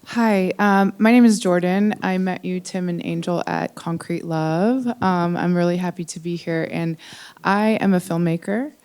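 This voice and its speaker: A woman's voice: lowish voice, a little slow, a little mellow, clear, resonant tone. A woman in the audience speaking up at a panel, hesitant with many ums. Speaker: audience member.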